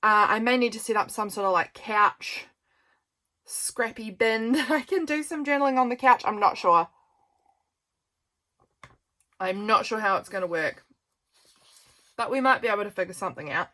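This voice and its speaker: A woman's voice: fairly high pitch, expressive, moderate pace, sharp tone. Chatty New woman crafting. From New Zealand. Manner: chatty, self-deprecating, thinks aloud. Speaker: crafting channel host. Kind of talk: casual crafting chat.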